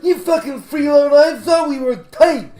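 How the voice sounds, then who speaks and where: A woman voicing a burly, pot-bellied male deli owner who shouts and curses. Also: very high voice, expressive, moderate pace, pitched above the performer's own voice. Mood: furious. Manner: shouting, cursing. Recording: echoey room with music behind.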